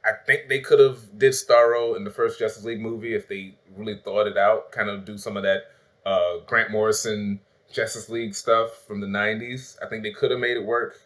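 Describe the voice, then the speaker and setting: A man's voice: fairly low pitch, level tone, moderate pace, fairly bright tone. A man hosting a casual, spoiler-filled movie review chat, talking loosely with lots of swearing and acting out lines he quotes. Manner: loose and profane, acts out quotes with laughs. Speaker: host of a movie review channel.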